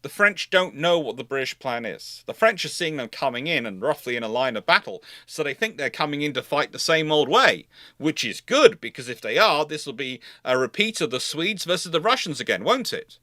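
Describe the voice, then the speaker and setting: A man's voice: a little high, big pitch swings, fairly quick, pushed and bright, no room sound, clean studio sound. A man hosting a livestreamed naval history lecture, talking conversationally with fillers and self-corrections and answering viewer questions.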